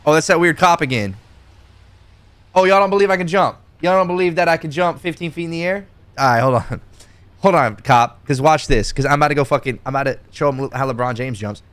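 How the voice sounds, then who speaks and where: A man's voice: a little high, brisk, a bit bright, smooth. Boastful, breathless male streamer. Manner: boastful and joking, talking straight to chat; jumping around while talking, breathless at times. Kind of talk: casual live-stream game commentary.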